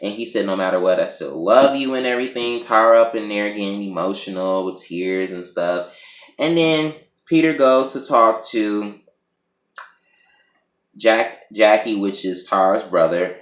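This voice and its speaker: A man's voice: lowish voice, measured pace. Sassy, foul-mouthed man recapping reality TV. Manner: sassy, profane, animated. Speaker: TV recap vlogger. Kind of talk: casual recap commentary. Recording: roomy echo.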